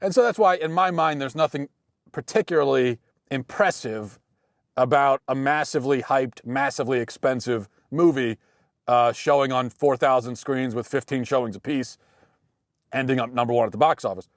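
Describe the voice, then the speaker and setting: An American man in his thirties hosting a show, talking through a casual monologue with dry, deadpan humor and frequent restarts. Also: mid-range voice, normal speed, no room sound. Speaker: podcast host.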